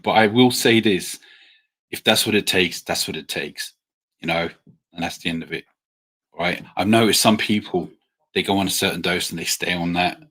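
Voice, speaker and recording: A man with a very deep voice chats casually with viewers on a livestream. He is friendly and hesitant, filling pauses with ums and quick apologies. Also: pushed and bright. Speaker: livestream host. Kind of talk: casual live Q&A chat.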